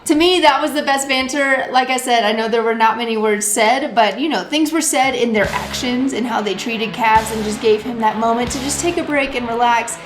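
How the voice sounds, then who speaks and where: A woman's voice: a little high, a little fast, hardly any pauses, roomy sound. A woman co-hosting a casual music review chat, talking in a chatty, hesitant way with many fillers. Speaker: podcast co-host.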